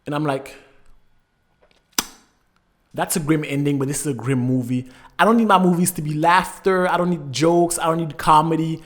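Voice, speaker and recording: A man with a noticeably high voice hosts an online movie review. He rants with exasperation and sarcasm, swinging between loud outbursts and low muttered asides. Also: normal speed, long pauses, a little hiss or hum. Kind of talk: ranting film review.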